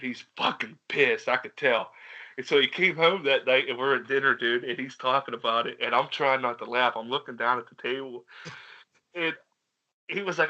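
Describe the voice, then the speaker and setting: A man's voice: medium pitch, brisk, bright, forceful tone, highs cut off. A young man, co-hosting a podcast and telling rambling, profane stories while laughing at himself. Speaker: podcast co-host. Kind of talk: casual storytelling chat.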